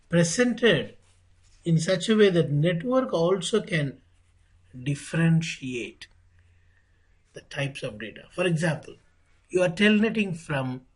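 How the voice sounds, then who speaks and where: Slow, husky instructor. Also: male voice, a little high, rough recording. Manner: deliberate, repetitive, asks rhetorical questions. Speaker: networking instructor. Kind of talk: online technical lecture.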